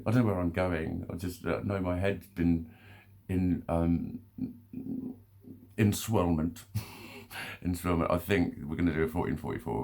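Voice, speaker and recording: A man's voice: low-pitched, gravelly, dark tone. A man talking to camera in a rambling, casual monologue, swearing often, stopping and restarting, with short laughs between phrases. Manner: rambling, swears a lot, self-interrupting. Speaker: vlogger.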